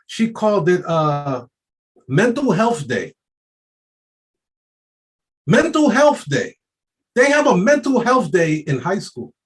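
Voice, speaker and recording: A man's voice: high-pitched, sing-song, a little slow. A man giving an unscripted motivational rant, streetwise, profane and emphatic, often laughing. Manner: streetwise slang. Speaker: motivational speaker.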